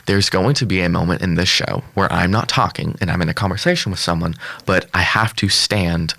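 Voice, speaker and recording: Young male guest, deep gravelly tone, dry close sound, chatty and upbeat, laughs a lot. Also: a little fast, pushed and bright, dry recording. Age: young adult. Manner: upbeat, laughs often, rambling with fillers. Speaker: guest actor. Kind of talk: casual interview chat. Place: local studio.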